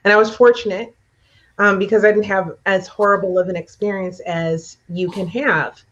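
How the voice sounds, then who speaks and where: A woman's voice: medium pitch, steady tone, normal speed, a bit bright, dull audio. A woman podcast host, responding in a reflective and empathetic way during a conversational interview.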